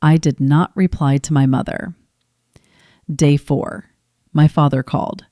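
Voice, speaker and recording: A woman in her twenties reading a scripted first-person story in a calm, measured, restrained way. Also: low-pitched, dry recording, studio quality. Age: 20s. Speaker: narrator.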